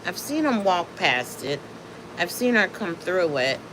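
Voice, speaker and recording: An unhurried woman talks to her livestream viewers from home. She sounds chatty and incredulous. Faint household sounds can be heard behind her. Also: on the low side, very animated, noisy background. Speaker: livestream host. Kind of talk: casual livestream chat. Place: home with dogs nearby.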